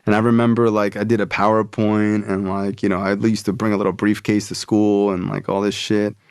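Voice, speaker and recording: A man's voice: lowish voice, a little fast, smooth, no echo, studio quality. A man, a podcast guest, telling a personal story in a casual, loose way, full of "like" and "bro". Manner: casual, relaxed, frequent "like" and "bro".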